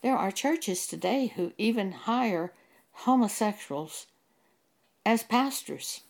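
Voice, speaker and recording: A woman preacher delivering a sermon, speaking deliberately and with emphasis, pausing to cite scripture chapter and verse. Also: mid-range voice, animated, gravelly.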